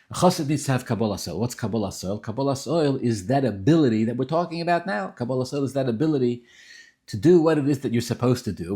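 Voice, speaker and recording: A man giving an informal Torah class, talking in animated, emphatic bursts with frequent restarts and Yiddish and Hebrew terms mixed in. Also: on the low side. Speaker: rabbi teaching Tanya.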